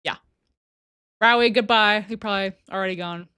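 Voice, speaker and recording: A woman's voice: medium pitch, moderate pace, sharp tone, smooth, dry recording, clean studio sound. A woman hosting a casual livestream, reading super chats aloud in a giggly, chatty way that often trails off and restarts. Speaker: livestream host.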